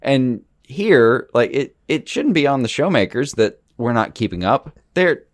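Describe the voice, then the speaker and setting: A man co-hosting a podcast, defending his view in a halting way with many restarts. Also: mid-range voice, animated, no echo, studio quality. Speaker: podcast co-host. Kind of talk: casual debate.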